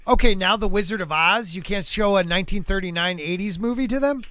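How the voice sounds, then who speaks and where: A man hosting a podcast, chatting casually and joking around in an animated way. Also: high-pitched, fairly quick, dry recording. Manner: animated, joking, drifts into silly voices. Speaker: podcast host. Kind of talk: casual panel chat.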